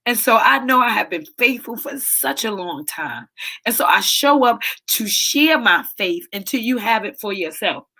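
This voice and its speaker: A woman's voice: fairly high pitch, lively intonation, moderate pace, bright, forceful tone. A woman hosting a live inspirational talk as a soul coach, speaking with preachy, emotional repetition and close to tears. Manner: preachy, emotional, repeats phrases for emphasis.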